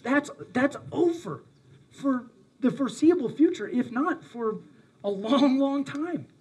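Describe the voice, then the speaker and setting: A man's voice: high-pitched, dark tone, husky. A male pastor preaching a sermon, earnest and emphatic, speaking directly to his congregation.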